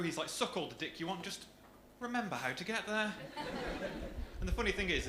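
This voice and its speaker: A young man with a Birmingham accent doing a stand-up comedy set, delivering dry, deadpan punchlines on a comedy club stage. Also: fairly high pitch. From Birmingham area, England. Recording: echoey club with audience noise.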